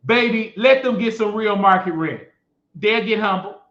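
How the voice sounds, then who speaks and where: A man's voice: sits high, normal speed, fairly bright tone. A man hosting a show, delivering a sassy, mocking gossip rant and repeating phrases for emphasis. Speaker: show host. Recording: echoey room, dull lo-fi sound.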